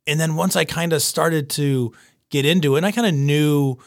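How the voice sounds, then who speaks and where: A man's voice: on the high side, moderate pace, no room sound, studio quality. A man, a chef telling his story in casual interview chat, rambling and acting out the voices of the people he quotes. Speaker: chef and pizza shop owner.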